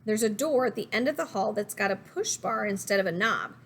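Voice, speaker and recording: A woman reading a first-person story aloud in an even, conversational storytelling manner. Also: mid-range voice, a little fast, a little hiss or hum. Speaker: audiobook narrator.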